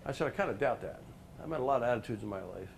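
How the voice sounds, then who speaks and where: A man's voice: medium pitch, rapid-fire, gravelly, a little hiss or hum. A middle-aged man, a professional speaker, telling a story to a live group and quizzing listeners by name. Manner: animated, addresses listeners by name with questions.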